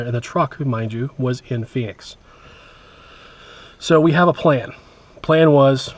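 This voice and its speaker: A man's voice: medium pitch, normal speed, no room sound. A man vlogging casually, recounting a story in a rambling, wry way with many asides and restarts.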